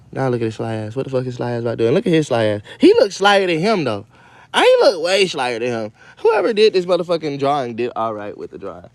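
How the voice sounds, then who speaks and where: A man casually reading a children's story aloud and breaking off into loud, profane, joking commentary. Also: medium pitch, very animated, fast talker, dry recording. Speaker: radio show host reading to kids.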